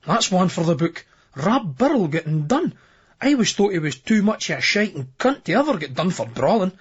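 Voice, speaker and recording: A man's voice: high voice, big pitch swings, breathy edge. Scottish man narrating an audiobook. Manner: brisk, earthy dialect reading full of swearing. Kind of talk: first-person novel narration. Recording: dull lo-fi remastered audiobook.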